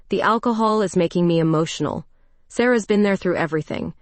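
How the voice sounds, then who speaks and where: Low-voiced woman narrating a story. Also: a little fast, no echo. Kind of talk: first-person story narration.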